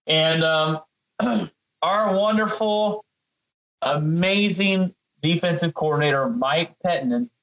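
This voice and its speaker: This is a man on a sports podcast, heated and ranting about a football game. His voice sits a bit high and he keeps turning to his co-host by name. He stumbles and repeats words when the anger builds. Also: fairly bright tone, rough recording.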